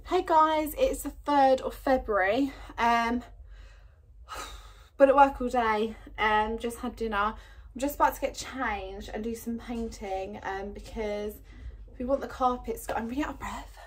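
A woman's voice: on the high side, steady tone, slow. A young woman casually vlogging her home renovation, chatty and full of "um" and "like". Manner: chatty, lots of "um" and "like". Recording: noisy home video.

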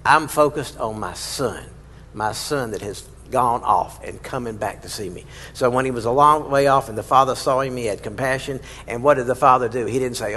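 A male pastor delivering a sermon in a church sanctuary. He moves between casual, conversational asides and bursts of dramatic emphasis. His voice sits at a middle pitch, and a long reverb from the large hall follows it. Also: moderate pace, bright, forceful tone, slight background noise.

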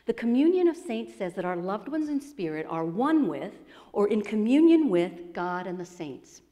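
A woman giving a storytelling talk to an audience, animated and acting out the voices of the people she quotes. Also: medium pitch, normal speed. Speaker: speaker presenting her book. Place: expo presentation hall. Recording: long hall reverb.

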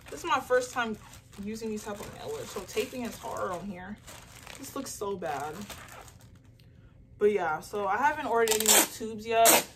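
A young woman chatting casually to her phone camera while packing orders, telling a story in an animated way with lots of "like". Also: medium pitch, recorded from a distance, noisy background. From Nigerian heritage. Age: young adult. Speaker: small business owner vlogger.

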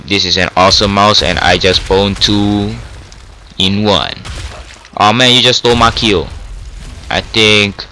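Excitable Singaporean man commentating a game. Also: on the low side, slight background noise, rough recording. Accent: Singaporean English. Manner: excitable, bursts into yelps during kills. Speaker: gameplay commentator.

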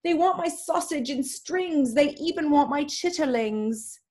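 A woman's voice: high-pitched, expressive, unhurried, darkish tone, voice pushed up. A woman voicing a clever, brooding male pig in a put-on British accent, reading a poem aloud dramatically over a video call. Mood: horrified. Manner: dramatic, rising storybook delivery.

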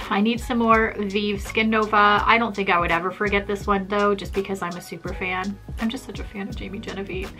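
Chatty young woman vlogging about her makeup work, bright tone, soft music under. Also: medium pitch. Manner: chatty, bubbly, fast-talking. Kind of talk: casual vlog chat.

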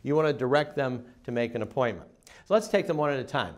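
A middle-aged man giving a seminar talk to dental office staff, emphatic and acting out phone calls in quick voice changes. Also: mid-range voice, expressive. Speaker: dental practice consultant.

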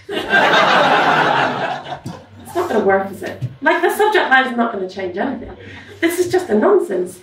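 A woman delivers a sarcastic stand-up routine with a high voice that leaps all over the place. She sounds roomy and a bit distant from the mic, with audience noise and laughter behind her. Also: big pitch swings, moderate pace, long pauses. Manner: sarcastic, exasperated storytelling. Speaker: university staff doing stand-up. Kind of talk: stand-up comedy. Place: live comedy venue stage.

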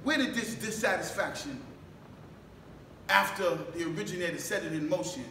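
A mosque minister preaches in a mosque hall at a moderate pace, his very high voice bright and forceful. He fires off rhetorical questions, calls for the congregation to respond, and builds up to shouts, captured by a distant mic in an echoey room with faint background noise.

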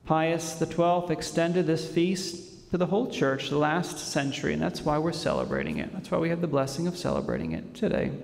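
A fairly high-voiced priest gives a homily, measured and reverent, with a gravelly edge. His voice carries the long reverb of a church hall. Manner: measured, reverent delivery with frequent pauses.

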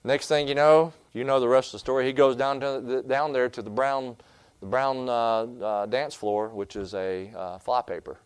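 A male pastor preaching a fiery sermon, swinging from loud challenges down to quiet asides. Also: medium pitch, steady tone, moderate pace, smooth.

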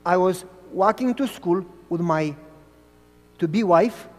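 A man preaching a sermon who tells stories in an animated way and asks the audience questions. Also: high voice, takes it slowly, big-room sound.

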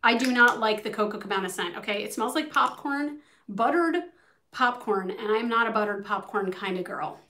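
A woman's voice: fairly high pitch, moderate pace, pushed and bright. A young adult woman beauty vlogger chatting casually through a makeup tutorial, bubbly and swearing freely as she talks to her viewers.

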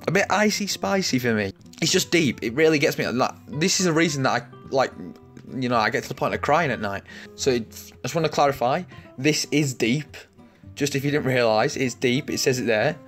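A man's voice: mid-range voice, lively intonation, fairly quick, a bit bright, faint music behind. A young man giving sarcastic, mock-outraged comedy commentary, swearing often.

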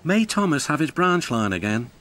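A man voicing a grand, proud big male engine who speaks in a slow, stately way. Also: a little high, sing-song, fairly bright tone, a little hiss or hum. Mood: polite. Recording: music clearly behind.

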